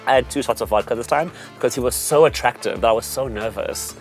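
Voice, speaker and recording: A young man co-hosting a podcast, telling a dating story in a teasing, animated way. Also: medium pitch, fast talker, soft background music. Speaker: podcast co-host. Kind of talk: casual chat, storytelling.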